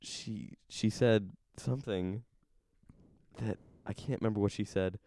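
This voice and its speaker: A man's voice: on the low side, a little slow, dark tone, no echo, clean studio sound. A young man chatting casually, telling a rambling story and laughing at himself as he goes. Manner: rambling, self-amused storytelling. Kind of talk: casual chat.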